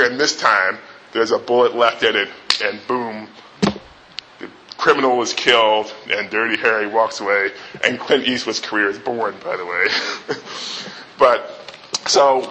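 Man with a bright, forceful voice retelling. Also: mid-range voice, normal speed, rough recording. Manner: animated retelling with restarts and acted quotes. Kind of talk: storytelling lead-in to a talk.

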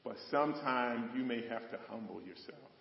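A man's voice: mid-range voice, moderate pace, vocal fry, highs cut off. Man preaching in an echoey hall. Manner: folksy, joking with the congregation. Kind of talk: sermon.

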